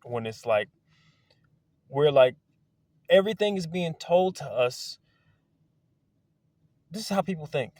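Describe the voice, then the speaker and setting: A man in a casual, rambling monologue outdoors, excitable and wandering, swearing now and then. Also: on the high side, slow, pauses often, dry recording. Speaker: video creator. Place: outdoors among trees.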